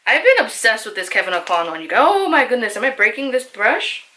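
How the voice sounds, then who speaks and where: Young woman, beauty vlogger; bright, chatty, self-deprecating, casual tutorial read. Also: a little high, big pitch swings, fast talker. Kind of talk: casual makeup tutorial voice-over.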